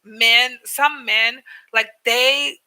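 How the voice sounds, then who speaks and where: A woman's voice: fairly high pitch, steady tone, very slow, bright, forceful tone, low-quality recording. A woman vlogger casually telling a story, full of fillers and acted-out quotes. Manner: chatty, many fillers, acts out quoted people. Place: living in Korea.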